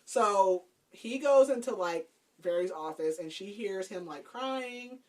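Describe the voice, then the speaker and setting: A woman's voice: mid-range voice, animated, unhurried. A woman podcast host casually recapping a book's plot, chatty and laughing, with lots of "like". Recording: voice a bit far from the mic.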